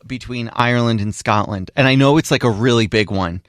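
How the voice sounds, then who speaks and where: A man's voice: mid-range voice, fairly quick, dry recording, clean studio sound. A man co-hosting a podcast in casual chat, making playful, jokey quips. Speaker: podcast co-host.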